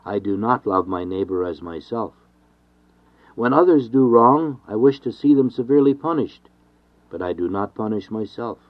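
Man, lowish voice, earnest sermon reading, steady refrains, dull lo-fi recording. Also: normal speed. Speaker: reader of a devotional text. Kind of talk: measured scripted reading of a sermon.

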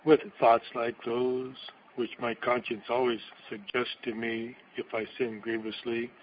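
A man's voice: mid-range voice, monotone, a little slow, a little hiss or hum. Solemn male preacher, lo-fi recording. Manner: solemn, declamatory, with dramatic quotations. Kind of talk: reading a sermon aloud.

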